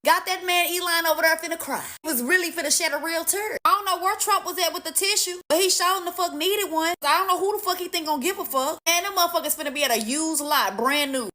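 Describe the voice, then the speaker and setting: Woman, high bright voice, profane mocking rant. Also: fast, few pauses. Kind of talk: casual rant.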